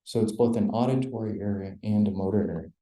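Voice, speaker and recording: Low, mellow-voiced man giving a lecture. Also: roomy sound, low-quality recording. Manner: measured, explanatory, frequent fillers. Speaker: neurosurgeon lecturer. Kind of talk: academic lecture. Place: lecture hall.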